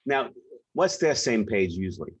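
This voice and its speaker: A man's voice: on the low side, sing-song, moderate pace, breathy edge, no echo. A man with a New York accent, a guest in an interview, telling stories emphatically and directly. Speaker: guest, leadership author and speaker. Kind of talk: conversational interview. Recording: dull lo-fi sound.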